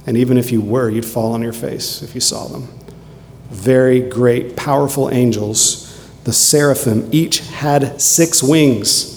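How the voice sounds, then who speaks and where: A man's voice: mid-range voice, unhurried, a little mellow. Fervent male preacher in reverberant hall. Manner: fervent, emphatic preaching with dramatic repetition. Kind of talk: sermon. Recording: long hall reverb, faint noise.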